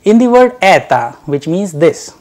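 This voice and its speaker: A man teaching a recorded language lecture, drilling syllables and words slowly and carefully, addressing dear learners. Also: high-pitched, very animated, darkish tone.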